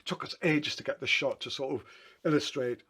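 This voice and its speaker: Man, mid pitch, easygoing photographer rambling through anecdotes with frequent restarts. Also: brisk, sharp tone, husky. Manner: rambling, self-correcting, chatty. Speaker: photographer talking through his photo book. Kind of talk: casual anecdotal storytelling.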